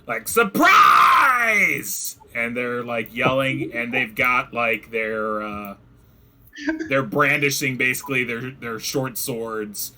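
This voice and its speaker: A man's voice: mid-range voice, steady tone, slow, noisy background. A man narrating a tabletop game as game master, casual and chatty, over voice chat. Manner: casual, chatty, acts out goblin shouts.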